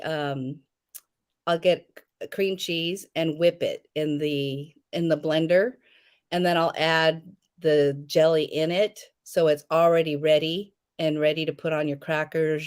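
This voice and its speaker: Chatty storytelling middle-aged woman, lowish voice. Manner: chatty storyteller, acts out quotes, laughs often. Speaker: guest, home jam maker. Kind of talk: casual live interview chat.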